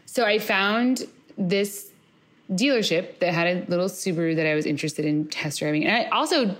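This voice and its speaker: Woman cohost, bit low voice, deadpan jokes, chill chat. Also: normal speed. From Indianapolis, US. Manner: dry quips, playful. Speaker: podcast co-host. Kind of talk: casual comedic chat.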